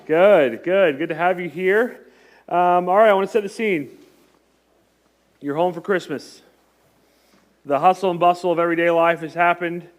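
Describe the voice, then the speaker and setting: A man's voice: high voice, normal speed, pauses often. A man in his thirties preaching a casual, joking sermon to his church, often restarting sentences and chatting with the congregation. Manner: chatty, joking, self-interrupting. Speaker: pastor. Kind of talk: conversational sermon.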